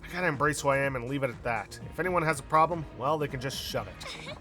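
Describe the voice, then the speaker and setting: A man's voice: mid-range voice, fast talker, bright, forceful tone, soft background music, natural voice. A man reading as a blunt young hostess. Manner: blunt, slangy, tough-talking. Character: brash young female hostess, blunt and tough.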